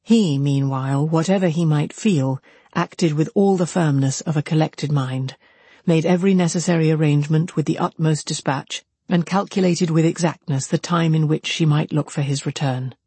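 A narrator giving a measured, even reading of a classic novel. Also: medium pitch, husky, no room sound. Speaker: audiobook narrator.

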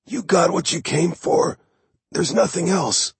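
A man's voice: high-pitched, expressive, measured pace, vocal fry, husky, no room sound, voice pushed up, exaggerated voice. A male narrator voicing a badly wounded drug dealer who gasps and slurs his words in an audiobook. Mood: slurred. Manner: gasping, slurred pleading. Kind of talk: audiobook character voice.

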